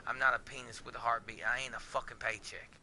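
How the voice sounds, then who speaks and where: A man's voice: mid-range voice, fairly even intonation, fast, pushed and bright, a little hiss or hum. A man, a podcast host giving a candid, emotional monologue in a blunt and profane way.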